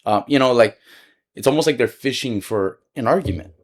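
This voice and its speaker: A man's voice: medium pitch, brisk. A young man telling a personal story in a casual vlog, rambling and slangy, filling his talk with "like" and swearing freely.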